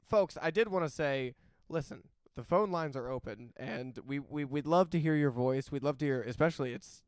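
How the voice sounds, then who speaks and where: A man's voice: medium pitch, clear, resonant tone, no echo. A man from Canada co-hosting a live call-in show, bantering with crude jokes in casual chat.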